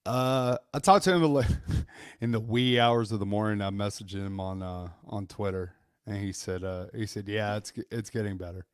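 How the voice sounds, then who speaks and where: A man co-hosts a loose live-stream chat, griping and cracking jokes with ready laughter. His voice is low, and the sound is close and dry. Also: moderate pace, clear, resonant tone, no echo. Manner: griping, joking, laughs often. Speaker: co-host.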